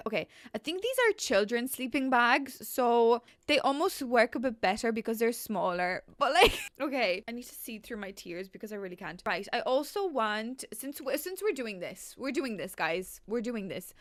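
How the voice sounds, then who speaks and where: Brief: young female gaming vlogger, higher-pitched, bubbly and self-mocking, close dry mic. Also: normal speed, few pauses, dry recording. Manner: excitable and self-mocking, laughs often. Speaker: game builder vlogger. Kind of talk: casual gameplay commentary.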